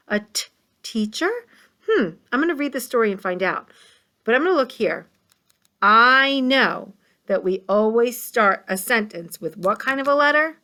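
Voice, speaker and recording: A woman's voice: on the low side, fairly bright tone. A woman teaching kindergartners a reading lesson, patient and encouraging, sounding out words. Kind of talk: read-along reading lesson.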